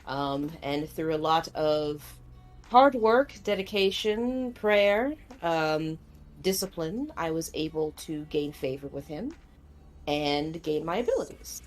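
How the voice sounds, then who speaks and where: Low-voiced woman role-playing a paladin. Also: animated, takes it slowly. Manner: hesitant, many fillers and restarts. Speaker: tabletop player. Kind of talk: in-character role-play chat.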